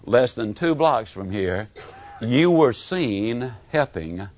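A man voicing a stern but kindly male school disciplinarian who speaks low, slowly and deadpan. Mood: teasing. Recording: dull lo-fi recording.

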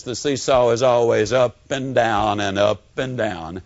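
A man giving a motivational speech, telling folksy stories with dramatic swings in pitch and pace. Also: a bit bright. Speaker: motivational speaker. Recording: dull lo-fi recording.

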